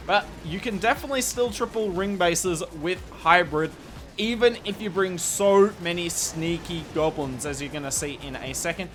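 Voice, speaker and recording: Heard here is a young Australian man, his voice high and a bit bright, narrating a game replay as a strategy video commentator. His delivery is conversational and honest, peppered with self-mocking remarks.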